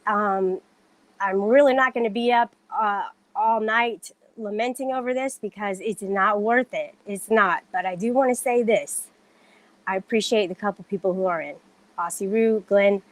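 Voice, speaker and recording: A woman's voice: medium pitch, normal speed, dry recording. A woman on a casual livestream, talking straight to viewers in an indignant, defensive way, stressing her denials.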